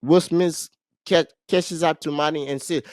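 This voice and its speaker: A man co-hosting a casual podcast, retelling a movie plot in an animated way, with frequent restarts. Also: fairly high pitch, measured pace, no echo, studio quality. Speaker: podcast co-host.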